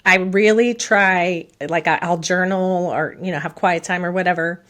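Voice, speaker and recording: A woman's voice: lowish voice, steady tone, moderate pace, a bit bright. A middle-aged woman, a podcast guest, chatting casually with frequent laughs and fillers. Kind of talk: casual interview chat.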